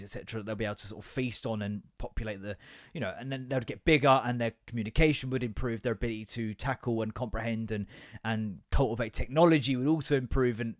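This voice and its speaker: A man's voice: mid-range voice, no room sound, clean studio sound. A young man hosting a podcast, ranting casually and swearing a lot as he rambles between asides. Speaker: podcast host. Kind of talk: casual comedic rant.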